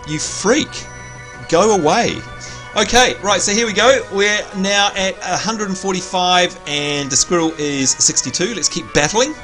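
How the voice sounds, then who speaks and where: Excitable Australian man streaming a game. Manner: excitable, jumps into high squeals of delight. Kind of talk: live gameplay commentary. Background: faint game music.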